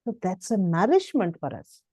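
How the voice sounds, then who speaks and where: A woman's voice: medium pitch, sing-song, normal speed, darkish tone, husky, dry recording. A woman teaching children about the Bible, coaxing them along, repeating phrases and often checking that they are listening.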